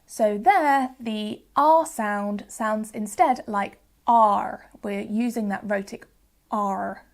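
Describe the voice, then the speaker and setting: A woman's voice: mid-range voice, steady tone, slow pace, a little mellow. A woman with a Southern English accent presenting a phonics lesson, carefully sounding out words. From Southern England. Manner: clear, careful modelling of sounds. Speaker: phonics teacher. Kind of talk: educational video presenting.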